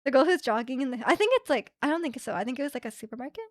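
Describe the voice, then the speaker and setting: A woman's voice: high-pitched, lively intonation, racing, no echo. A young woman streaming from Canada, chatting casually with her viewers, rambling with lots of fillers and acting out the people she quotes. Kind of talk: casual chat with live chat.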